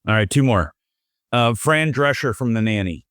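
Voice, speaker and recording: This podcast co-host is a man with a medium-pitched, expressive voice, a bit bright and clean, speaking at a moderate speed. The audio is studio-grade with no echo. His casual chat is joking and teasing toward his co-host, peppered with fillers and false starts.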